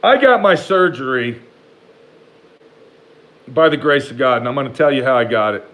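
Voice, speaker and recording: A man telling a rambling personal story to the camera in a casual, animated way, swearing freely and talking back to imagined critics. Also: mid-range voice, rough recording. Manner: profane, rambling, talks back to imagined haters; animated, jumps between slow emphasis and rushed asides.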